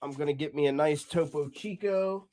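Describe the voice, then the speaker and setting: A man's voice: on the high side, moderate pace, darkish tone, dry recording. A man hosting a casual comedy podcast, laid-back, laughing often and swearing freely. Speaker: podcast host.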